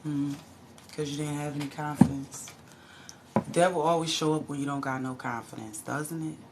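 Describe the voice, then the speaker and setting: A woman's voice: sits low, steady tone, moderate pace, noisy background. A woman giving a casual, profane tarot reading to her viewers, who often breaks into laughs and exclamations. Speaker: tarot reader.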